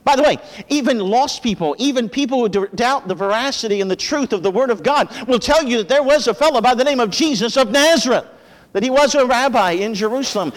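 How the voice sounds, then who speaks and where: A man preaching a sermon with impassioned delivery, praying softly and rising with fervor as he expounds Scripture. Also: long reverb tail. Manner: impassioned preaching, drops low for prayer. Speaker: pastor.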